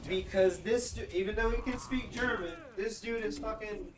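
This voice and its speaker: A man's voice: high voice, moderate pace. A man hosting a casual chat, swearing freely and laughing as he riffs. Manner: profane, laughing, riffing. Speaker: host. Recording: distant mic with music behind.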